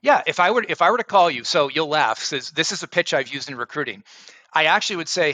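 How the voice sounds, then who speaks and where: A middle-aged man talking as a podcast guest, with a bright, forceful voice. He tells animated stories and plays out his own cold-call pitches. The sound is dry and close. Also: quick pace, no room sound, poor audio. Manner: animated storyteller who acts out phone pitches. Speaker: guest, sales and recruiting coach. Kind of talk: casual podcast interview.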